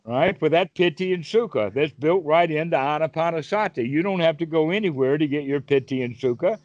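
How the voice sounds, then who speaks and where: A man's voice: fairly high pitch, fairly quick, a little mellow, no room sound, muffled recording. A man teaching meditation over a call, asking his listener questions and giving vivid everyday examples. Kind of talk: Dhamma talk on a call.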